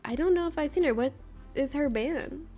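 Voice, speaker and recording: A woman streamer from Florida rambles through a story with her viewers, breaking into laughs every few lines. Her voice sits a little on the high side, and soft game music plays quietly underneath. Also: normal speed. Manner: chatty, laughs often while telling stories. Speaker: livestreamer. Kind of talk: casual chat with viewers during a game stream.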